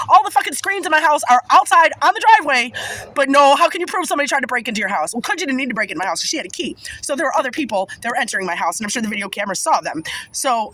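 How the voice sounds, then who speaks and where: A woman's voice: high voice, pushed and bright, poor audio. A woman telling a personal story in casual monologue, agitated and emphatic, swearing often.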